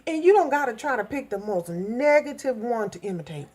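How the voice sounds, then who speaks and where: A middle-aged woman from Minnesota telling a story in a blunt, profane, animated vlog rant. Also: on the high side, brisk. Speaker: vlogger.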